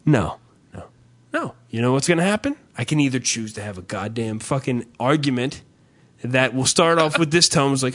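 A man's voice: medium pitch, moderate pace. A man ranting comically about everyday annoyances in a casual chat, profane and theatrical. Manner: profane, animated ranting with mock-shouted quotes. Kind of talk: casual comedic rant.

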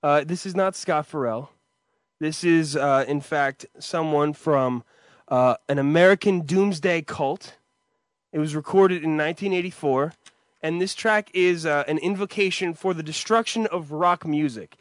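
A man's voice: fairly high pitch, unhurried, no room sound, clean studio sound. A man co-hosting a radio show, chatting casually with rambling jokes and swearing. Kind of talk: casual chat.

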